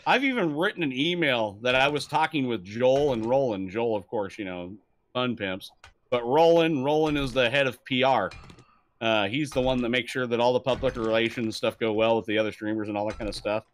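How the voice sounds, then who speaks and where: A man's voice: mid-range voice, moderate pace. A young man chatting casually on a live stream, swearing freely and telling stories with lots of laughing. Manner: swears freely, animated storytelling, laughs often.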